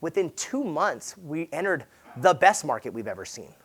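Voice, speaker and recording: Animated, slangy man telling a story on stage. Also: normal speed, slightly rough. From Southern California. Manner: animated, acts out quoted dialogue with big jumps in pitch and volume; casual, peppered with "like" and "right?". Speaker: real estate agent speaking at a sales summit. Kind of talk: energetic motivational keynote storytelling.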